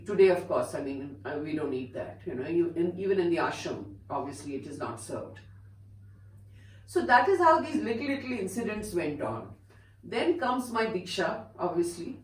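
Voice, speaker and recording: An older woman with an Indian English accent, gently telling a personal story in a chatty way, with many "you know"s. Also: lowish voice, big pitch swings, moderate pace, reverberant, distant mic, rough recording. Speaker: spiritual teacher telling her own story. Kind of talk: casual storytelling to viewers.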